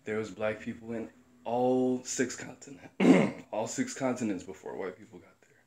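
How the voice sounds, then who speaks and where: A man's voice: lowish voice, normal speed, vocal fry, darkish tone. A young man from the Chicago area, talking casually and bluntly to camera, profane and rambling as he tells stories. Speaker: commentator.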